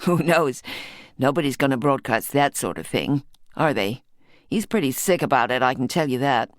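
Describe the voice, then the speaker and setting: A woman's voice: rumbling low, lively intonation, normal speed, no room sound, studio quality, voice pushed down. A woman reading the part of a chatty, wry American woman antiques dealer of about fifty, in an audiobook.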